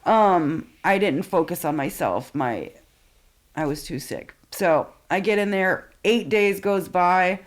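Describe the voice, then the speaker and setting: A woman's voice: lowish voice, expressive, takes it slowly. Candid, profane woman in her forties. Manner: frank and profane, with many fillers. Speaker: podcast guest. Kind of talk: candid personal storytelling.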